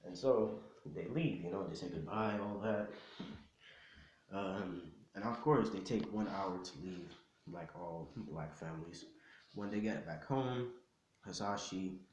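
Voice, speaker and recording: Brief: young male storyteller, low-ish voice, slangy and rambling, roomy echo. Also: unhurried, darkish tone, slight background noise. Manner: rambling, slangy, full of fillers. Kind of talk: casual fan-fiction storytelling. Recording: echoey room.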